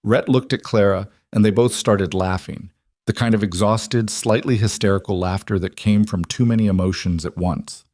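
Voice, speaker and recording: A man narrating a storybook western in an even storytelling manner. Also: fairly low pitch, normal speed, no echo, clean studio sound. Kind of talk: scripted narration.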